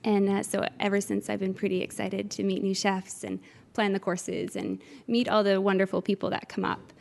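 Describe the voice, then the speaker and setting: A woman's voice: mid-range voice, level tone, moderate pace, vocal fry. A middle-aged woman from Newfoundland, an interview guest who organizes cooking classes, talking in an eager, chatty way with frequent uhs. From Newfoundland, Canada. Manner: enthusiastic, warm, chatty with filler uhs. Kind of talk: conversational interview answers.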